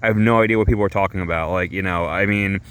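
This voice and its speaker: Low-voiced man rambling to his chat. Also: fairly even intonation, a bit bright, clear, resonant tone. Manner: halting, full of fillers and restarts, chuckles often. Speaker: streamer. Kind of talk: rambling comedic monologue.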